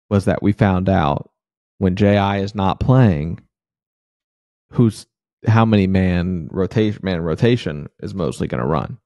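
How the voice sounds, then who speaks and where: A man's voice: low voice, creaky, dry recording, clean studio sound. A man co-hosting a casual sports podcast who breaks down rotations and pushes back on critics. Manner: analytical, steady, annoyed at critics. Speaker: podcast co-host.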